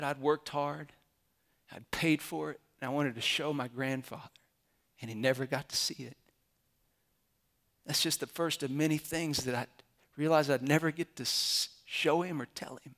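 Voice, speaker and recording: Male pastor, forties, earnest sermon storytelling, emphatic builds, mid-pitched voice. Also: pushed and bright.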